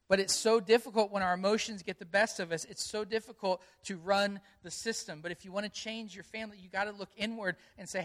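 A man's voice: sits high, steady tone, quick pace, few pauses, a bit bright. A man preaching a sermon as a pastor, earnest and conversational, repeating key phrases for emphasis and telling stories from his own family life.

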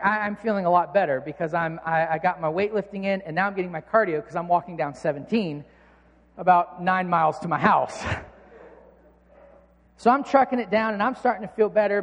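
High-voiced pastor in echoing hall. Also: male voice, a bit bright, highs cut off. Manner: earnest, self-mocking storytelling. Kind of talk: sermon with personal story. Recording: long reverb of a large hall.

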